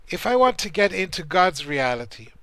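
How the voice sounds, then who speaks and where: A man's voice: high voice, big pitch swings, moderate pace, bright, forceful tone. A man teaching a Torah class in an earnest, searching way, often restarting his sentences as he tells stories. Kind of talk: spoken Torah class with storytelling.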